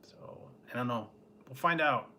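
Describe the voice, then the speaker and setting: A man chats in an unhurried, rambling way, chuckling as he goes. His tone is bright and a little sharp. He sounds like he's at home streaming late at night, with a faint background hum. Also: mid-range voice. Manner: rambling, easygoing, chuckles often. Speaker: food vlogger. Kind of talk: casual late-night livestream chat.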